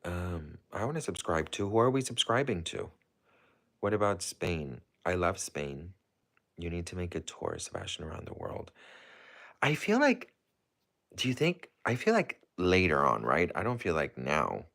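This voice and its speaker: This man speaks in a low, creaky, slightly bright voice with huge pitch swings, going a little slowly. He's hosting a casual livestream, reading viewer comments out and chatting in an effusive, rambling manner packed with "like".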